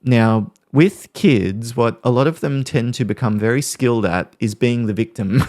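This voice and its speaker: A man hosting a podcast, calmly explaining ways to handle conflict with examples from family life. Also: mid-range voice, unhurried, few pauses, no room sound, clean studio sound. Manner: calm, explanatory, talks through examples. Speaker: podcast host. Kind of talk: podcast talk on parenting conflict.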